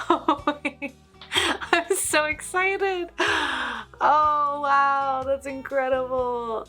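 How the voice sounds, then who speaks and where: A young woman vlogging as she follows a painting tutorial, chatty, playful and excitable. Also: lowish voice. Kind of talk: casual reaction commentary.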